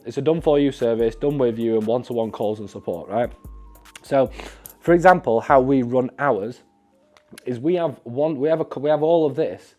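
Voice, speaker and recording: A man's voice: medium pitch, darkish tone. A man who mentors fitness professionals gives direct-to-camera advice in a blunt, emphatic way, swearing often and checking in with "right?".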